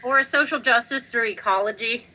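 Bright-voiced playful woman podcaster. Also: on the high side, moderate pace, low-quality recording. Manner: playful, jokey asides. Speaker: podcast co-host. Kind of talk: casual podcast chat.

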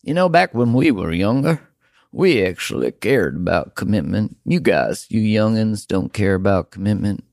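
A man's voice: lowish voice, big pitch swings, moderate pace, vocal fry, darkish tone, no room sound, studio quality. A man putting on a grumbling old Southern-drawl man. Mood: scolding. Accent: Southern US, put on. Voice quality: folksy drawl. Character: grumbling older man judging youngsters.

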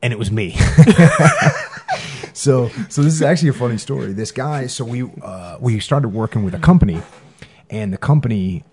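A man in casual conversation and storytelling, starting in halting bursts full of fillers. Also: mid-range voice, lively intonation, mellow.

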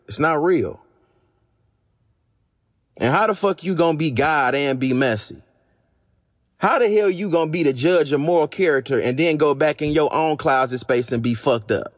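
Hoarse man ranting bluntly on a podcast. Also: on the high side, lively intonation, normal speed. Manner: blunt, profane, exasperated ranting. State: losing his voice. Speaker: podcast host. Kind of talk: unscripted podcast monologue.

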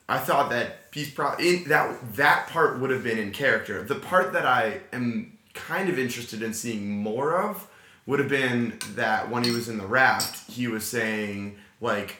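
A man's voice: medium pitch, measured pace, bright, forceful tone. A man co-hosting a movie podcast, chatting casually and rambling with many fillers. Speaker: podcast co-host. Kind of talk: casual chat. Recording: roomy echo.

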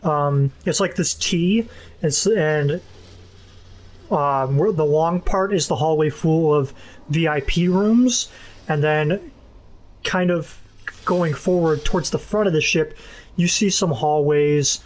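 A man narrating as game master in a tabletop game, casual and halting, with many fillers. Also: on the high side.

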